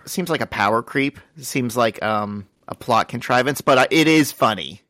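A man in the middle of a chatty comic book recap, reading the dialogue from each panel aloud for his co-host. His voice sits at an ordinary pitch. It is recorded close and dry with no room sound. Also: normal speed, sharp tone, no echo. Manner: retells scenes, reading quoted lines aloud. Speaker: podcast co-host.

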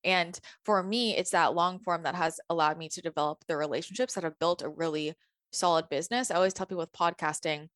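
A woman hosting a podcast in a dry, close-sounding recording. She speaks in a fairly low voice, eager and conversational, and builds up to her questions at length. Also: fairly quick, fairly bright tone, no room sound. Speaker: podcast host. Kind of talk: casual interview chat.

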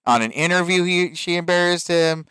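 A man co-hosting a podcast, telling stories in an animated, laughing way in casual chat. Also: sits high, moderate pace, clean tone, no room sound. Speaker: podcast co-host.

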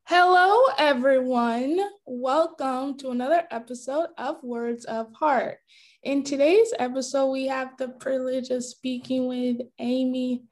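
A woman's voice: high voice, steady tone, measured pace. A woman hosting a podcast interview, friendly and polite, asking questions with a few ums. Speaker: podcast host.

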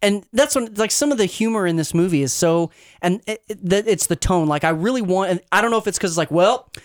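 A man's voice: sits high, expressive, quick pace, smooth. A man on a podcast, chatting critically with lots of fillers like "you know" and "like". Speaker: podcast co-host. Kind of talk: casual chat.

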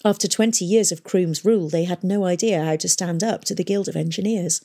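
A woman narrating a storybook reading in a steady, expressive way. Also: fairly low pitch, a little fast, hardly any pauses. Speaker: audiobook narrator.

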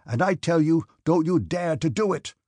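A man's voice: medium pitch, sing-song, slow, a little mellow, slightly rough, dry recording, clean studio sound, full character voice. A man voicing Denisov, a bellowing hot-tempered hussar. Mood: furious. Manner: bellowing, furious. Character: hot-tempered hussar officer with a burr, middle-aged man.

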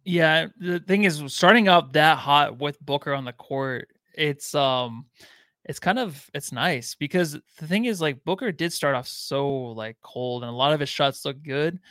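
A man's voice: fairly high pitch, unhurried, fairly bright tone, dry recording, clean studio sound. Laid-back young man rambling about basketball. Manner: laid-back, rambling, lots of likes and ums. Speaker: podcast co-host. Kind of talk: casual sports podcast chat.

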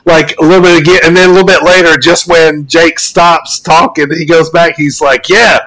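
A man's voice: fairly high pitch, level tone, normal speed, fairly bright tone, low-quality recording. A man co-hosting a casual podcast, enthusiastic and laughing often as he retells moments. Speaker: podcast co-host. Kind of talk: casual chat.

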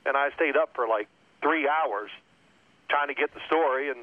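A man's voice: a little high, moderate pace, dry recording. Storytelling man on a tinny phone line. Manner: animated storyteller acting out coaches' shouting. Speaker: guest, former quarterback. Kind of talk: telling stories in a radio interview.

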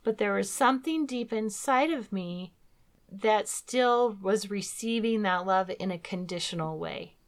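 A woman's voice: medium pitch, a little slow. Woman, middle-aged, earnest personal testimony, faith talk co-host, mid-range voice. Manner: earnest storytelling, acting out her own past words. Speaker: co-host of a Christian talk program.

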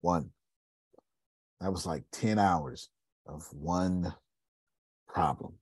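Male host, husky and dry, blunt motivational talker who repeats himself and swears. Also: low-pitched, extremely slow, darkish tone, dry recording. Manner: blunt, repetitive, swears freely; addresses listeners by name. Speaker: host of a coaching meeting. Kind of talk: casual motivational talk.

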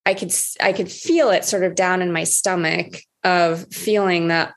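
A woman's voice: lowish voice, fairly even intonation, moderate pace, hardly any pauses. A woman coach in a candid conversation who swears freely and acts out her own past words. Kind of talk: casual conversation.

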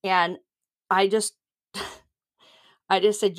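A woman's voice: medium pitch, moderate pace. Candid woman comic reflecting. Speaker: comedian. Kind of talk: interview reflection.

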